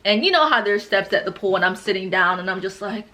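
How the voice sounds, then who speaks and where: A young woman in her twenties tells a casual storytime, dramatic and animated, acting out what people said. Her voice is bright and forward, at a middle pitch for a woman. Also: fast. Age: 20s. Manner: dramatic, animated, acts out quotes. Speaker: vlogger.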